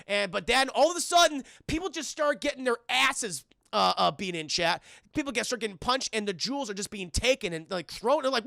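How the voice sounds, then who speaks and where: A man on a live stream recapping a cartoon episode scene by scene, excitable and profane, constantly talking to his chat. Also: high-pitched, a little fast, creaky, dry recording.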